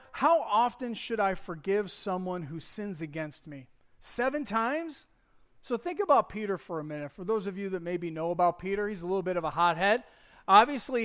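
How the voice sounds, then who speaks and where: A man giving a conversational sermon as pastor, retelling a Bible story in a casual, joking, animated way. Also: high-pitched, clean tone.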